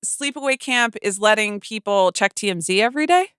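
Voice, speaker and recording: Bright, smooth-voiced woman chatting casually. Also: medium pitch, expressive, a little fast, no room sound, studio quality. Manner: chatty, hesitant, many fillers and restarts. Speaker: podcast host. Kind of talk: casual chat.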